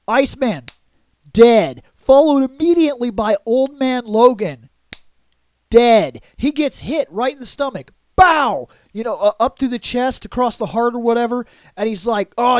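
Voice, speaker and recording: A man vlogging a casual comic book review in an excitable way, adding sound effects and acting out lines. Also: very high voice, no room sound. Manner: excitable, adds sound effects and acts out quotes.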